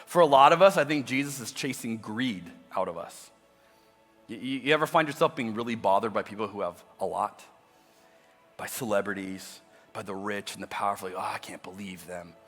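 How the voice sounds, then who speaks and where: Bright-voiced male pastor preaching. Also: on the low side, fairly quick, long reverb tail, soft background music. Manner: conversational, acts out imagined voices. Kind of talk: sermon. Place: church auditorium.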